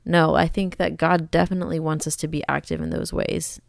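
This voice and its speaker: A woman's voice: low-pitched, little pitch movement, brisk, creaky, no room sound, clean studio sound. A young woman hosting a faith podcast, talking in an earnest, conversational, encouraging way. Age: young adult. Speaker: podcast host.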